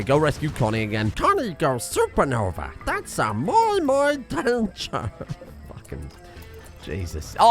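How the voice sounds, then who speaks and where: A man giving excitable, sweary let's play commentary, laughing often. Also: mid-range voice. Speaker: gaming streamer.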